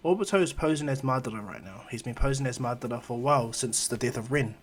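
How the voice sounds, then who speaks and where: A young ninja who has become a god of destruction speaks in calm, commanding tones, as a man voices him. The voice sits at a middle pitch and carries a quiet threat. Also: quick pace, natural voice.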